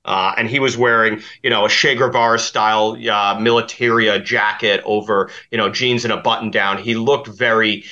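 Guest, man, bright pushy tone, rambling storyteller, dull lo-fi line. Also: lowish voice, steady tone, moderate pace, few pauses. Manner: rambling, with many fillers and restarts. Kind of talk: podcast interview.

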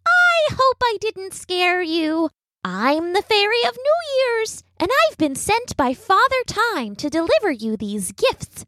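Storybook fairy, tiny and cheerful, very high sing-song lilt. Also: female voice, big pitch swings, slow pace, bright, forceful tone, no echo, exaggerated voice. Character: tiny cheerful female fairy, sweet and bright.

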